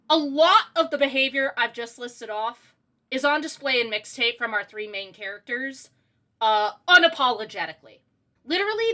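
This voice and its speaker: Exasperated, animated woman game reviewer. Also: sits high. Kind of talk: ranting video game review.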